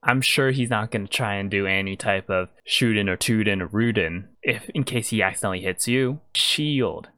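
A man's voice: lowish voice, normal speed, few pauses, pushed and bright, no room sound, clean studio sound. A man voicing a bossy female snake-folk kidnapper who leads a gang, in a tabletop game. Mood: coaxing. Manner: exasperated, bossy. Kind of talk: tabletop role-play voice.

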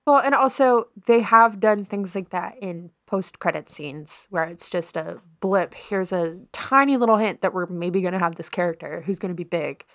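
Female podcast co-host, dry close sound, even and wry. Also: lowish voice, moderate pace, hardly any pauses, no room sound. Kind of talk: casual chat.

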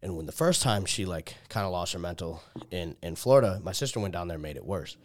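A man's voice: sits low, expressive, fast. A young man telling a long personal story in casual chat, loaded with "like" and swearing, often acting out what people said. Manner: heavy filler "like", swears, restarts, quoted dialogue.

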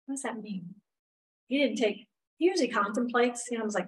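A woman's voice: a little high, lively intonation, brisk. A middle-aged woman, teaching a women's Bible study in a chatty, candid way with many asides. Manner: chatty, candid, lots of "you know" asides. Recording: voice a bit far from the mic.

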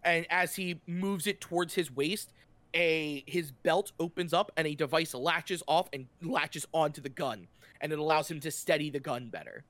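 A man's voice: on the high side, normal speed, a bit bright, dry recording. Chatty man running a tabletop game. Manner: chatty, loose, describes scenes with many fillers and restarts. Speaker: game master. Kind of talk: casual narration of a tabletop game.

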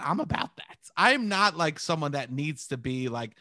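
A man's voice: on the high side, lively intonation, normal speed, hardly any pauses, pushed and bright, no echo, studio quality. A man with a thick New York accent, hosting a playful, self-mocking casual chat. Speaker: host.

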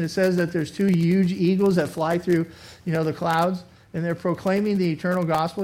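A pastor preaches a sermon in an animated, conversational way. The man slips into short acted-out voices of imagined speakers, and the recording has some faults. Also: high voice, moderate pace.

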